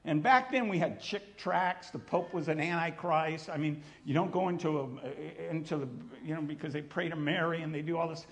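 A middle-aged man preaching, telling his testimony in an animated storytelling manner, acting out voices and sometimes shouting. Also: fairly high pitch, moderate pace, hardly any pauses. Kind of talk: sermon testimony.

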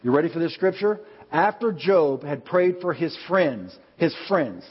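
Husky-voiced pastor preaching in a reverberant hall. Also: male voice, a little high, animated. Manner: earnest, slows down to stress key points. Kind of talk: sermon. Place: church sanctuary. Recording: long hall reverb, dull lo-fi sound.

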